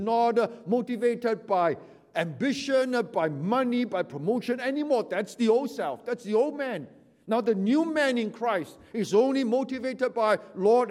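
A man's voice: high-pitched, a little mellow, big-room sound. A man preaching a sermon, earnest and emphatic, asking rhetorical questions.

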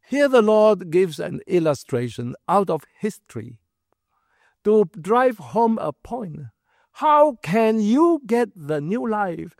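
Male preacher, unhurried and animated, teaches scripture with emphatic rhetorical questions, dry close sound. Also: high-pitched, creaky, no room sound. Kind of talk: sermon, Bible exposition.

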